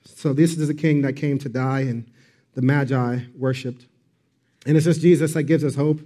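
A man's voice: medium pitch, fairly even intonation, moderate pace, warm tone. A man preaching a sermon, earnest and emphatic, repeating key phrases with occasional fillers. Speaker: pastor.

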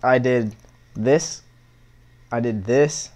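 A man's voice: mid-range voice, extremely slow, a little mellow. A young man in his twenties telling stories in a casual chat, rambling, slangy and full of profanity. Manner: rambling, slangy, heavy profanity, fillers of "bro" and "like".

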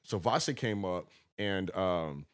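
A man's voice: deep voice, slow pace. A man from Texas, a guest promoter telling stories casually and acting out what people said. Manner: animated, acts out quotes with laughter. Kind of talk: casual storytelling.

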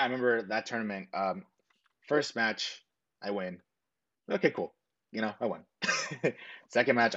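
A young man recounts his past in a relaxed, rambling way, leaning on "um" and "like" and acting out both sides of old conversations. His voice sits on the low side. The recording is a bit dull and muffled. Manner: earnest, rambling with frequent fillers and self-quotes. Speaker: interviewee. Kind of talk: casual storytelling.

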